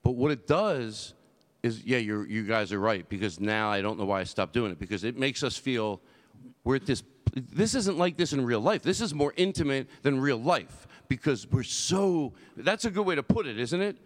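A man's voice: mid-range voice, expressive, normal speed, dry recording, studio quality. A man hosting a podcast in casual chat, talking in a rambling, self-interrupting way. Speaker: podcast host. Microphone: headphones and studio mic.

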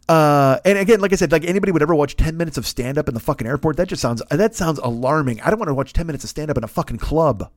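A man's voice: a little high, lively intonation, rapid-fire, hardly any pauses, dry recording, clean studio sound. A man, a comedian hosting a podcast, ranting casually and profanely while acting out quotes.

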